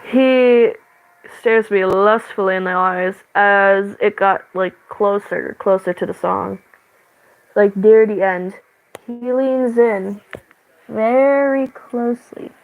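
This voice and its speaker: A woman's voice: medium pitch, steady tone, low-quality recording. A woman telling a story about her dream in a casual way. She often stops and restarts, fills gaps with "like", and giggles. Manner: halting, with many fillers and restarts. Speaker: channel host.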